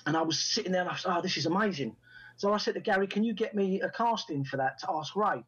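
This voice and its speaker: A man's voice: high voice, fast talker, slightly rough, muffled recording. A man, telling stories from his acting career in an interview and acting out the lines people said to him. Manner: animated anecdotes, acts out quoted dialogue. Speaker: actor and writer guest. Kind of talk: storytelling in a podcast interview.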